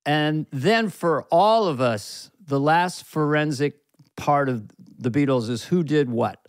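Animated man telling stories, dry sound. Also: a little high, takes it slowly, no room sound. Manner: animated storyteller who slips into voices. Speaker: guest comedian. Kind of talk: casual podcast chat.

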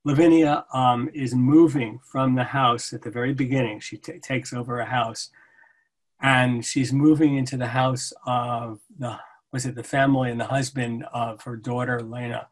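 A man, a translator, reading poetry aloud and talking about his translation in a measured, halting way. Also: mid-range voice, fairly even intonation. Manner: measured, halting, self-correcting. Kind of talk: poetry reading and book talk.

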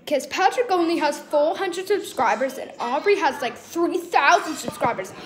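A woman chatting casually, giving a rambling shout-out. Her voice sits high and moves around a lot as she talks. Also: expressive, moderate pace, soft background music. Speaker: channel creator. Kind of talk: casual shout-out to other creators.

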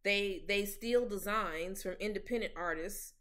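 A young woman hosts a casual commentary podcast in a mid-range voice, speaking a little slowly. She's outspoken and animated, full of slang, and often stammers and restarts.

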